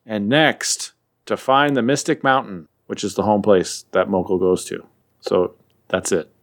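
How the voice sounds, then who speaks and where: A man in casual chat, recapping a comic as a podcast co-host, animated and jokey. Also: fairly low pitch. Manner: animated, puts on quick silly voices while retelling.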